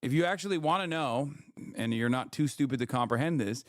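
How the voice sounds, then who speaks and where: A man streaming live, ranting and mocking in profane, fast commentary. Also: mid-range voice, no echo, studio quality.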